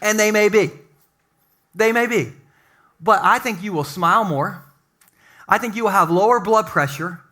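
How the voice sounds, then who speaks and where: A man preaching with a bright, ringing tone and a fairly high voice. He speaks playfully and conversationally, cracking jokes between points in a lighthearted sermon. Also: normal speed, pauses often. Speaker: pastor. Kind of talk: humorous sermon. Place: church sanctuary.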